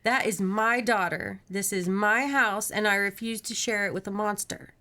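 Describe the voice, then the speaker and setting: A woman voicing a fierce, defiant mother who shouts commands at a monster in her house. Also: medium pitch, brisk, natural voice. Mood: furious.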